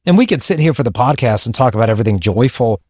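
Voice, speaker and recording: Man, podcast co-host, earnest and reflective, mid-pitch, dry close sound. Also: lively intonation, rapid-fire, darkish tone, husky, no echo. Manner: earnest, reflective, with frequent restarts. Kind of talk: faith-based podcast conversation.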